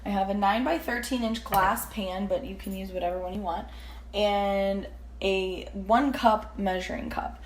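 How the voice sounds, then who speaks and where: A woman's voice: medium pitch, fairly even intonation, normal speed, slight background noise. Chatty woman rambling through a cooking vlog. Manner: chatty, rambling, self-deprecating asides. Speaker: cooking vlogger. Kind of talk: casual cooking demonstration. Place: home kitchen.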